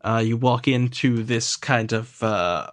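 A man's voice: mid-range voice, takes it slowly. A man narrating as game master in a tabletop game, hesitant with many fillers.

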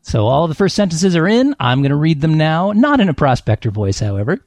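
A man hosting a comedy panel game, his pitch a little high and swinging widely as he reads blurbs aloud with mock drama. He laughs easily and plays to the panel. The sound is close and dry, with no room around it. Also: sing-song, brisk, a little mellow, no echo. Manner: playful, laughing, dramatic read-aloud delivery. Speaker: host.

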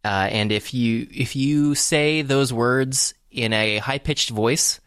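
A man's voice: mid-range voice, fairly even intonation, slow pace, fairly bright tone, smooth, no room sound, studio quality. Wry, rambling man in casual chat. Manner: rambling, wry, chuckles between phrases.

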